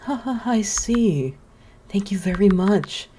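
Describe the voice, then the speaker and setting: A woman voicing a gentle, lonely and motherly forest witch from a video game, speaking slowly in a sweet, coaxing way. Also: medium pitch, expressive, a little hiss or hum, voice pushed up. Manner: soft, slow and sweetly coaxing. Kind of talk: reading game dialogue aloud.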